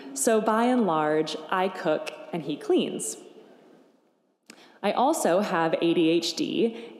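A woman preaching a sermon in a church, gentle and conversational with a wry touch. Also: medium pitch. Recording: echoey church hall.

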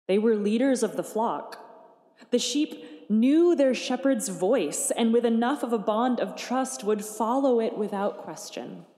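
A woman preaching a sermon in a church, gentle and conversational with a wry touch. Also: medium pitch. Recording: echoey church hall.

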